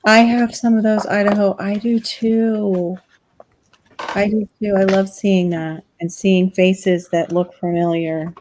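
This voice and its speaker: Woman, casual chat, wry, laughs often, middle pitch, webcam mic at home. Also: little pitch movement, slow, a little mellow, slight background noise. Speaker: co-host of a live family stream. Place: family home.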